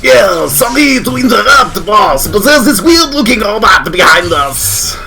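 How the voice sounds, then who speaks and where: A man's voice: extremely high pitch, sing-song, normal speed, bright, forceful tone, faint music behind, voice pushed up, heavily acted. A man voicing a brash, thuggish male henchman who talks in a mocking and boastful way. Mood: eager.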